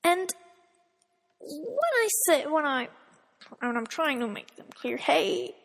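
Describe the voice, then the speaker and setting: A woman, a German speaker, rants to camera in a high voice and at an unhurried pace. She sounds exasperated and incredulous. The sound carries a long reverb tail. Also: big pitch swings, a bit bright. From Austria. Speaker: vlogger. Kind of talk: casual ranting vlog.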